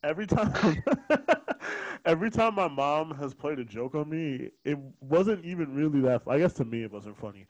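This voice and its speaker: A man's voice: a little high, animated, normal speed, rough recording. A young man chatting casually on a podcast, often breaking into laughter while he tells rambling stories into a close mic. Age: young adult. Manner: laughs a lot, rambling storytelling. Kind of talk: casual chat. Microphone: close studio mic.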